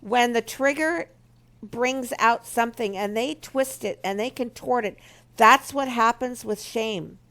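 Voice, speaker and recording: A woman with a somewhat high, gravelly voice gives an earnest teaching talk. She moves between personal story and advice for couples, speaking with a creaky edge. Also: fairly bright tone. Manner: earnest, storytelling, acts out remembered quotes. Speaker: marriage ministry speaker.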